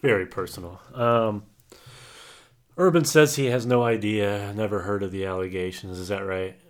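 A man's voice: fairly low pitch, moderate pace. A man co-hosting a podcast, talking sports in a rambling, hesitant way with many fillers. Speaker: podcast co-host. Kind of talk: casual sports chat.

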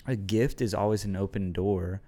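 Guy talking earnest faith stuff, lowish mellow voice. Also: fairly even intonation, normal speed. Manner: earnest, reflective, faith talk. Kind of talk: casual chat.

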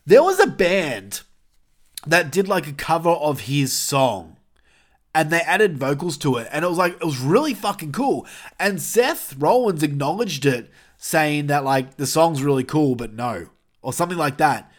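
A young man hosting a casual wrestling review podcast, animated and swearing, with jokey asides. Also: fairly high pitch, a little slow.

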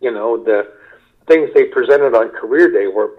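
Older comedian from Kentucky spinning yarns. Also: male voice, mid-range voice, dull audio. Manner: unhurried anecdotes, mimics people in quotes. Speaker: stand-up comedian guest. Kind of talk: relaxed storytelling interview.

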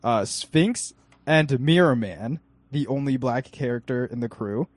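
A man's voice: mid-range voice, measured pace, no room sound. A young man co-hosting a casual movie review chat, talking in a loose, rambling way. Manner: relaxed, rambling with "like" fillers. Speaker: podcast co-host.

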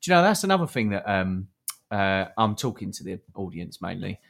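Rambling Southeast English podcast host. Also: male voice, sits low, big pitch swings, a little fast, vocal fry, fairly bright tone. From Southeast England. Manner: rambling, many fillers and restarts. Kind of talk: casual live podcast chat.

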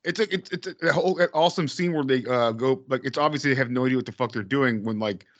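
A man's voice: mid-range voice, quick pace. A man co-hosting a casual movie podcast, rambling and swearing with many restarts. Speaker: podcast co-host.

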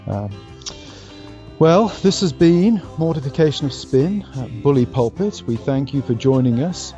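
A man co-hosting a podcast panel discussion, talking in a measured, dry and self-deprecating way. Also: mid-range voice, expressive, dark tone, soft background music. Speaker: co-host. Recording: dull, dry lo-fi podcast audio.

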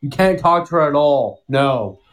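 A man's voice: on the high side, expressive, moderate pace. A man on a casual podcast, teasing the others and jumping in with sports trivia.

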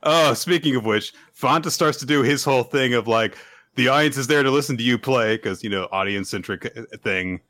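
A man's voice: mid-range voice, a little fast, a bit bright, no room sound. A young man co-hosting a casual comedic recap, laughing often and breaking into silly character voices. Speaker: podcast co-host recapping a manga.

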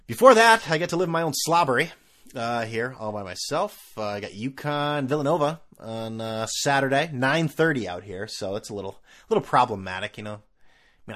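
A man's voice: fairly low pitch, a bit bright. A man hosting a solo podcast, ranting casually in a sarcastic, profane, rambling way. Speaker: podcast host.

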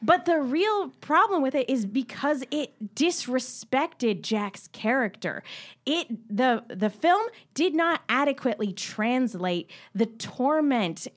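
A woman arguing her side in a casual podcast debate, animated and quick to laugh. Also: high-pitched.

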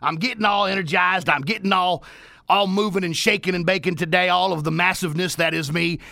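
A man hosting a talk radio show, delivering an energetic, repetitive motivational monologue from the studio. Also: sits high, a little fast, gravelly, no echo. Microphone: studio microphone.

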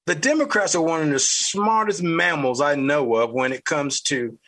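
A man with a Southern US accent, hosting a podcast with blunt, fired-up political commentary, mild cursing and a husky voice. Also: fairly high pitch, moderate pace, a bit bright. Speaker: podcast host.

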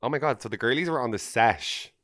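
A man's voice: medium pitch, quick pace, sharp tone. A man hosting a podcast in casual chat, gushing and exclamatory, full of "amazing" and "oh my God". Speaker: podcast host.

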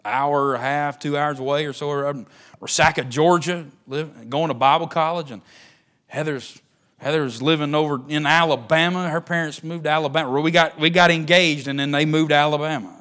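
A man preaching a sermon as pastor, swinging between loud emphatic lines and hushed ones. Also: fairly high pitch, fairly even intonation, a little fast.

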